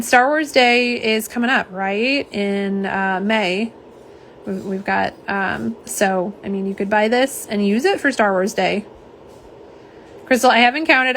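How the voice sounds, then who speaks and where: A woman with a mid-range, fairly bright voice runs a live nail polish unboxing, casually chatting and reading comments from viewers as she swatches. A little hiss or hum sits under the recording.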